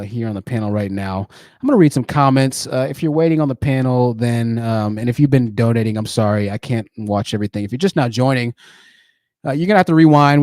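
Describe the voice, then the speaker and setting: A man's voice: medium pitch, a little mellow, no echo, studio quality. A man hosting a live-streamed call-in show, combative and sarcastic, often repeating phrases for emphasis. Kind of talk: live stream commentary with callers.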